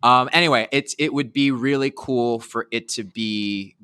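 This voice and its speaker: A man's voice: mid-range voice, measured pace, smooth, no room sound, studio quality. A man co-hosting a podcast, chatting casually and gushing as he tells stories. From United Kingdom. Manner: gushing, animated storytelling. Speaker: podcast co-host. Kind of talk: casual chat.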